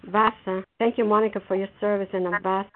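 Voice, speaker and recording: A middle-aged woman sharing at a twelve-step phone meeting, earnest and halting, with many restarts. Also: mid-range voice, little pitch movement, noisy background. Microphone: telephone. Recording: phone line.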